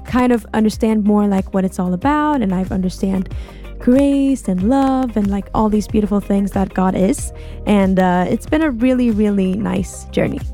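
A young woman answers a radio host earnestly and fluently. Her voice is warm and mellow, with soft music under it. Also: medium pitch, normal speed. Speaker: guest musician. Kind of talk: interview answer.

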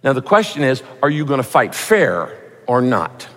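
A pastor preaching a sermon in a conversational, humorous way, sometimes putting on voices to make a point. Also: male voice, medium pitch, very animated, moderate pace, a bit bright. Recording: reverberant hall.

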